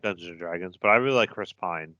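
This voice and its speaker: Over lo-fi audio with a little hiss or hum, a low-pitched man speaks quickly in a bright, forceful tone. He co-hosts a podcast, chatting casually and arguing with enthusiasm as a movie fan.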